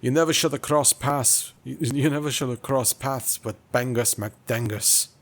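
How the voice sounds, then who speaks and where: A man's voice: mid-range voice, a little slow, voice pushed up. A man voicing a gloating male nerd monster ghost out for revenge, with a put-on Scottish accent.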